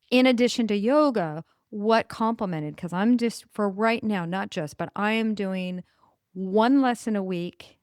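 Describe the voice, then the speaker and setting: A woman's voice: mid-range voice, clean tone, no room sound, studio quality. A woman hosting her own podcast, talking casually and with enthusiasm, rambling a little and correcting herself as she goes. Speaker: podcast host. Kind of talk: casual solo podcast monologue.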